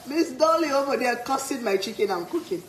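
A woman's voice: high voice, animated, fairly quick, echoey room, poor audio. Laughing woman hosting a cooking live. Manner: playful, laughs a lot, reads comments aloud. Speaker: cooking livestream host. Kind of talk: casual live-stream chat.

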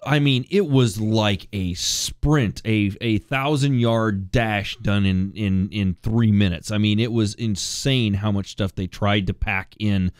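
A man's voice: on the low side, slow, hardly any pauses, smooth, no room sound, clean studio sound. A male podcast host in loose, joking banter with his co-hosts. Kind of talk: casual chat.

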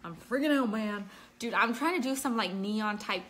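A woman's voice: mid-range voice, normal speed, fairly bright tone, slight background noise. A woman hosting a casual livestream makeup tutorial at home, chatting and reading out viewers' names while she works. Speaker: makeup vlogger.

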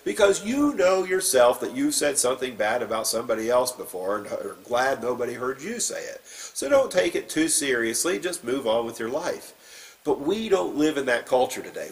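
A man's voice: medium pitch, far from the mic, low-quality recording. A man preaching as a pastor, reading scripture and then giving an informal, plain-spoken sermon with some fillers.

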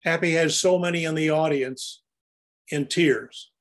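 A man's voice: fairly high pitch, fairly even intonation, unhurried. An older man narrating his own photographs in an anecdotal, storytelling way as he presents them.

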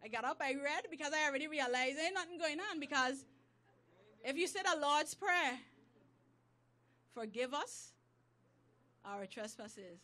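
Woman, motivational church speaker, high-pitched, animated storytelling, informal speech. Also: normal speed, long pauses. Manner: animated storytelling, acts out prayers in dialogue; informal grammar, drops verb endings.

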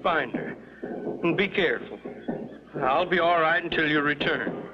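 A man's voice: fairly high pitch, measured pace, background noise, close to an everyday voice. A man voicing a fretful rancher father. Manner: fretful, pleading. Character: worried middle-aged rancher father. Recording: dull lo-fi 1950s TV soundtrack with music.

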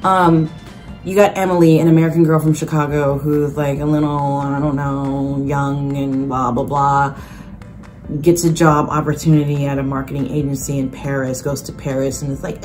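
A young woman vlogging in a casual, animated way, sarcastic and full of restarts. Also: low voice, moderate pace, faint music behind. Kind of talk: casual chat.

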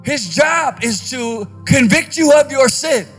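High-voiced preacher, fast and fiery. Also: male voice, faint music behind. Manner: energetic preaching, rising to shouts. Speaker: pastor. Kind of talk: conference sermon. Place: conference stage.

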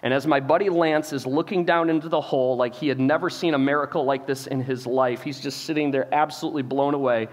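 A male pastor telling a story in a sermon, animated, acting out the people he quotes, often repeating words and saying "like.". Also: medium pitch, quick pace, hardly any pauses, in a large hall. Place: church auditorium.

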